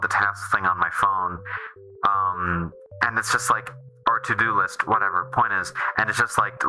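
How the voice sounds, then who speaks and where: A man's voice: lowish voice, pushed and bright, rough recording. A man streaming a game, chatting casually in a rambling way that keeps restarting and trailing off. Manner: rambling, self-interrupting, restarts often.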